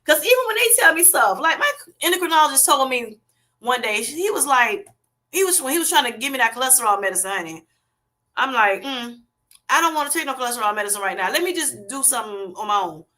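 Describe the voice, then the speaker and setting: A woman's voice: high-pitched, big pitch swings, a little fast, bright, forceful tone. A woman with a Southern US accent hosting a casual livestream, chatting with viewers and reading their comments aloud in a folksy way, laughing often. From Southern United States. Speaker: livestream host.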